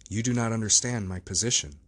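A troubled Victorian doctor, evasive and earnestly pleading, in a low, husky voice, as a man reads him in a storybook audiobook. The delivery stays close to the reader's own speech. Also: fast, natural voice.

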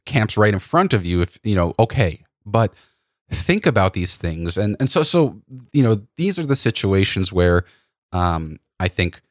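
A man hosting a podcast about photography workshops, telling stories in an animated way with many restarts. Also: on the low side, a little slow, no room sound, clean studio sound. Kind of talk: casual conversational storytelling.

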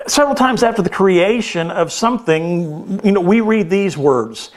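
A man's voice: sits high, lively intonation, moderate pace, hardly any pauses. A male pastor preaching a sermon, telling a story earnestly with hesitant restarts.

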